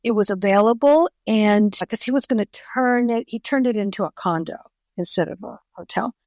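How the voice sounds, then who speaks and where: A woman's voice: medium pitch, moderate pace, vocal fry, dry recording. A middle-aged woman, a guest author, telling personal stories in a podcast interview and acting out the voices of the people she quotes. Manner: animated storyteller, acts out quoted voices.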